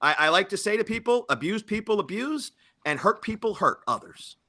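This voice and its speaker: A man hosting a podcast, recapping events and asking measured, probing questions. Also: high-pitched, sing-song, sharp tone. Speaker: podcast host. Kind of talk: interview questions.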